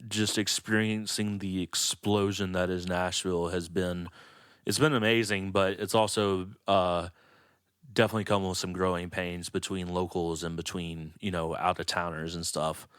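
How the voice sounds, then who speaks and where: Deep, smooth-voiced man chatting. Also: normal speed, dry recording, studio quality. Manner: relaxed storytelling, lots of fillers. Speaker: podcast co-host. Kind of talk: casual chat.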